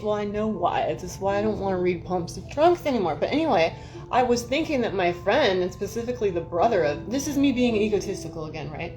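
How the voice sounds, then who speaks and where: Casual woman streamer, middle-pitched, rambling and profane, chats to viewers by name over faint music. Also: animated, fairly quick, a little mellow. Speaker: livestream host. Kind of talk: casual livestream chat and storytelling.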